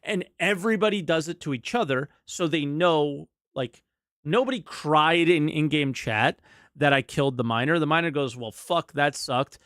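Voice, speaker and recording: A man with a slightly high voice co-hosts a casual gaming podcast. He tells his story in a laid-back, explanatory way, as a streamer would. The recording is close and dry. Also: normal speed, a bit bright, no room sound.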